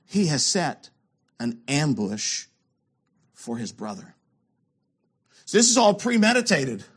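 A man preaching a sermon, asking rhetorical questions and swinging between loud emphasis and hushed lows. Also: sing-song, slow pace, husky.

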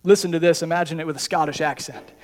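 Male pastor, high voice, earnest pleading sermon delivery in church. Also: steady tone, fast talker. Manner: earnest, pleading with repeated questions.

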